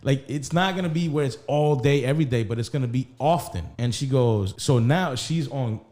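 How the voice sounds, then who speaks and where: A man's voice: mid-range voice, brisk. Profane storytelling man on a podcast. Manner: animated, profane, acts out quoted dialogue. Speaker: podcast co-host. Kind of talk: casual storytelling.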